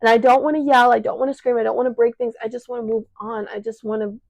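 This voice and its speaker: Teen woman, Chicago accent, slightly high voice, dry close sound; tearful, breathless venting monologue on a shirt mic. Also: fairly even intonation, quick pace, vocal fry, a little mellow, no room sound, low-quality recording. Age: teens. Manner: raw, venting, choked up, swearing. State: short of breath, choked up. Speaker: podcast host. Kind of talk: emotional personal monologue. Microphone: clip-on mic attached to shirt.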